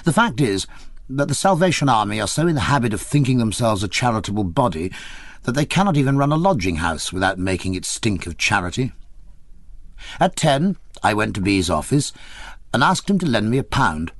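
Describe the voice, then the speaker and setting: A man reading a memoir aloud as an audiobook narrator, measured and expressive. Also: fairly low pitch, dry recording.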